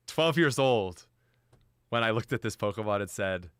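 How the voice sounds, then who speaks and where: A man's voice: medium pitch, lively intonation, normal speed, fairly bright tone, smooth, no room sound, clean studio sound. A young adult man chatting on a live stream, laughing often and talking straight to his chat. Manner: giggly, frequent laughter; chatty, addresses chat directly.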